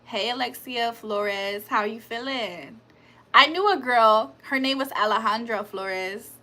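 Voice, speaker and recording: A woman's voice: fairly high pitch, a little slow, sharp tone. A young woman hosting a casual livestream, reading chat aloud and laughing often. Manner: chatty, laughs often, reads comments aloud.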